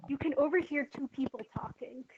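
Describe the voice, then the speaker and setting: A woman running a tabletop game as game master, with brisk, matter-of-fact narration and rules calls. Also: high-pitched, steady tone. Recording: muffled lo-fi mic with faint hiss.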